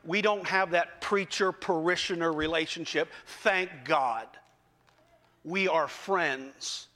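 A man preaching a sermon, telling folksy stories in a conversational way and slowing down for emphasis. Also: a little high, sharp tone. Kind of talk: sermon with storytelling. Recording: reverberant hall.

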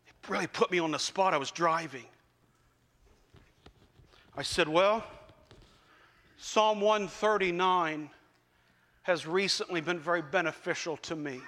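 A man preaching a sermon, telling folksy stories in a conversational way and slowing down for emphasis. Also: high voice, pushed and bright. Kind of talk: sermon with storytelling. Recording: reverberant hall.

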